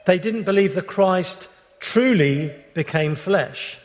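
A British man preaching a sermon as pastor, earnest and measured, often restarting his phrases. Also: sits high. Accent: British English. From Britain. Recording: long reverb of a large hall.

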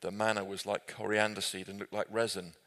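A man leading a group Bible study, conversational and self-correcting with gentle humor. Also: lowish voice, flat delivery, brisk. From Britain.

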